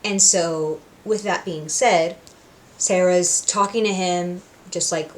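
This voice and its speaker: Animated woman recapping a show. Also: lowish voice, takes it slowly. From Puerto Rico. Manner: animated storytelling, acts out characters' lines. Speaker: reaction video host. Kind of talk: casual recap and commentary.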